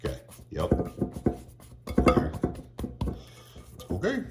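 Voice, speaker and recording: A middle-aged man chatting casually as he cooks at home, laughing often and getting excited. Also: deep voice, extremely slow, over loud music. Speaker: home cook. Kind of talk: casual cooking vlog.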